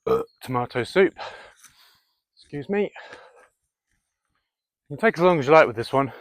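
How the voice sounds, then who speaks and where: A man's voice: medium pitch, animated, racing, dry recording. A man leading an outdoor workout in the woods, coaching viewers through exercises and counting reps aloud. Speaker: fitness vlogger.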